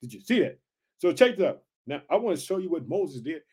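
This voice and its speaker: Pumped-up guy breaking down a bible chapter, high voice, big swings up and down, keeps going "did you hear". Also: sing-song, brisk, darkish tone, breathy edge. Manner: addresses listeners as family. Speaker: Bible teacher. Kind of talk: animated Bible teaching.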